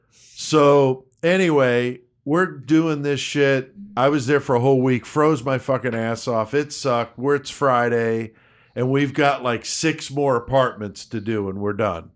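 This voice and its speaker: A man's voice: medium pitch, unhurried. Profane storyteller, a man acting out every line he quotes. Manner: profane, animated, acts out quotes. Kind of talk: casual storytelling.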